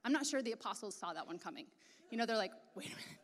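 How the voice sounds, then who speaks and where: A woman's voice: a little high, lively intonation, quick pace, long reverb tail. A middle-aged woman pastor preaching a sermon, telling a personal story in an earnest way.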